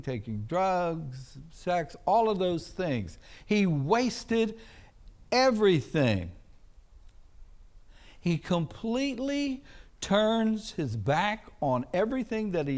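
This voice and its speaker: During a chapel sermon, a male pastor draws out the story with dramatic flair, performing voices for the characters. His voice is high-pitched with a darkish tone.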